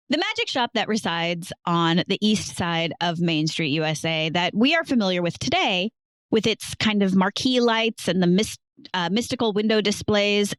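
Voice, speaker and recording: A woman's voice: medium pitch, no echo, clean studio sound. A woman hosting a casual podcast, playfully telling a history story to her co-host and laughing easily.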